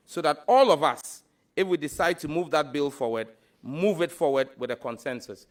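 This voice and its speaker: A man with a Ghanaian accent, a minister nominee, answering a parliamentary committee forcefully and emphatically. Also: on the high side, brisk.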